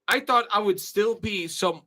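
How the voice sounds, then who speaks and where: Slow, emotional young man, bright voice. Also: sits high. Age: 20s. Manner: earnest, repeats "all right?". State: emotional, tearing up. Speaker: channel host. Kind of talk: casual monologue to viewers.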